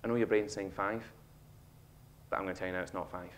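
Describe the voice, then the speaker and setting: A man in his thirties with a Scottish accent, giving a humorous motivational talk on stage and acting out a child's lines with animated storytelling. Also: deep voice, fast. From Scotland. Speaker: speaker. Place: auditorium stage.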